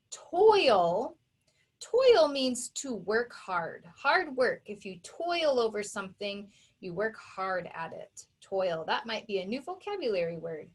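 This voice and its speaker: A woman teacher, her voice fairly high with a breathy edge, walks children through a recorded phonics lesson one step at a time. Each sound gets slow, careful pronunciation as she patiently instructs her young pupils.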